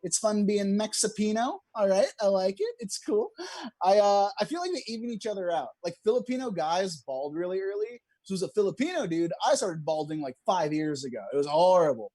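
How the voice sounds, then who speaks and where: Performing comedy over a video call from home, streamed online, a young man jokes at his own expense and laughs at his lines. His voice is high-pitched, sing-song and dark in tone, a little fast, with no room sound in the recording.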